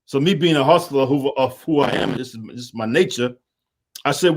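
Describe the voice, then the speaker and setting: Streetwise male guest, laid-back, chatty with lots of fillers, mid pitch. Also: a little fast. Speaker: guest, media and water business owner. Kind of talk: casual chat. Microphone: call-in line.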